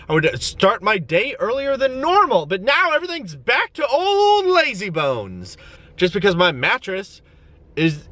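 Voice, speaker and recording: In a van, a man in his twenties vlogs a comedic monologue, mocking himself and breaking into sudden melodramatic wails. His voice is high-pitched, pushed and bright.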